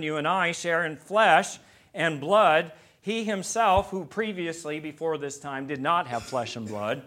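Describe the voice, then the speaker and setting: A male pastor preaching a sermon, moving between loud emphatic lines and quiet, hushed ones. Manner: preaching with wide swings from loud emphasis to hushed low tones.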